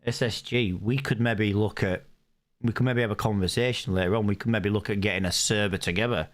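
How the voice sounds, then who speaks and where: A man's voice: fairly low pitch, steady tone, fairly quick. Young british guy streaming games, chatty, reads out chat, muttering plans as he plays. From United Kingdom. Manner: chatty, thinks aloud while playing, reads chat comments. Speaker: game streamer. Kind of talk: live gaming stream commentary.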